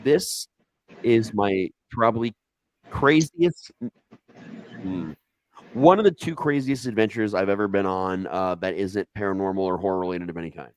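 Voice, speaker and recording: An Ohio man with a matching accent tells a wild personal story at a moderate pace, animated and casual, cursing freely and jumping up in pitch when he quotes himself. The low-quality recording has no echo.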